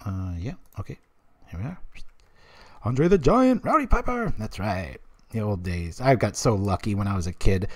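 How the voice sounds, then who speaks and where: Low-voiced chatty streamer man. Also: normal speed, darkish tone. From United States. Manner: chatty, rambling asides, talks to viewers in chat. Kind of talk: live card game commentary.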